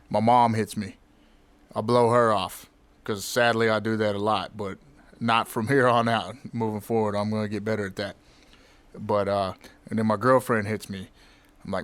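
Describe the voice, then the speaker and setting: Low-voiced man telling a personal story. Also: steady tone, dry recording. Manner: reflective, candid, halting restarts. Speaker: podcast host.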